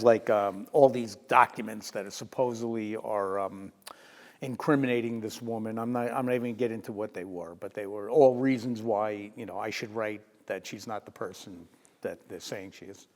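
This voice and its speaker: An older man, a retired sports journalist telling lively stories in an interview, often laughing. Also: fairly low pitch, brisk, in a large hall. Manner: lively anecdotal storyteller who laughs and acts out quotes. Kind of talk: storytelling in a sit-down interview.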